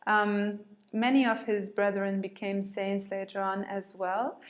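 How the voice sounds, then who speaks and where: A woman's voice: medium pitch, flat delivery, a little slow. A woman, a yoga teacher, telling a story in a loose conversational way with many fillers and restarts. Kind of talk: informal storytelling talk. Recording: echoey room.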